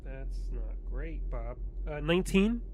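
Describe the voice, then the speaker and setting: A man's voice: fairly high pitch, lively intonation, a little slow, a little mellow, slight background noise. Chatty man laughing at himself. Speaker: player. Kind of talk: casual tabletop play.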